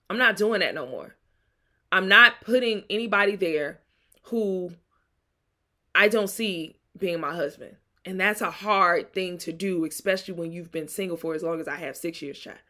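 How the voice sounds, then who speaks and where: A woman's voice: medium pitch, bright, forceful tone. Candid woman in her thirties. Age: 30s. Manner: candid, preachy, laughs often. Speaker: podcast host and singles coach. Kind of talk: reflective solo monologue.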